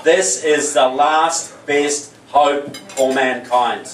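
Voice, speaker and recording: A man's voice: on the high side, drawn-out words. A man with a New Zealand accent giving a keynote speech at a political rally, telling jokey stories and then speaking earnestly. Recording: echoey hall, voice from far off.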